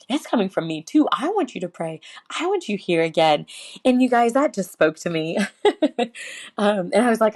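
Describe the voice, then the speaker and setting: Woman host, lilt, heartfelt faith monologue, halting and emotional. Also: medium pitch, a little mellow. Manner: earnest and heartfelt, many fillers and restarts. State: close to tears. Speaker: podcast host. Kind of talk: personal faith reflection, casual monologue.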